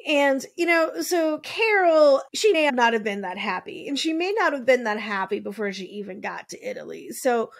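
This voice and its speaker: A woman's voice: a little high, big pitch swings, moderate pace, gravelly, few pauses. A woman host telling a true-crime story in a casual, chatty way, full of "like" and wry asides, now and then swearing. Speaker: podcast host.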